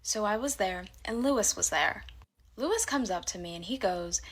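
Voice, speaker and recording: A woman's voice: medium pitch, expressive, normal speed, a bit bright. A woman telling a personal work story in a candid, blunt and profane way. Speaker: storyteller in a reacted-to clip. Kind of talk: casual storytelling to camera.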